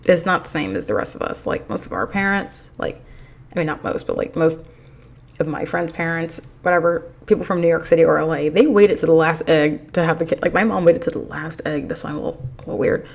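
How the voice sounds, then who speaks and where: Recorded on a desk mic in her apartment in a noisy city, this woman vlogger tells a chatty, meandering storytime packed with fillers. She speaks fairly quickly in a low, creaky, expressive voice.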